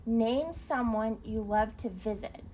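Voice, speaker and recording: A woman's voice: on the high side, slow, warm tone, a little hiss or hum, poor audio. A woman teacher leading a recorded reading lesson for young children, encouraging and spelling words out letter by letter.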